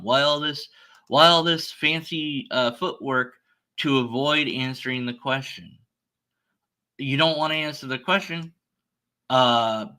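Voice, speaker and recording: With a sharp tone and a voice on the high side, a man streams atheist commentary while reacting to an online debate exchange. He's exasperated and ranting, acting out scenes in which he voices store clerks in quotes.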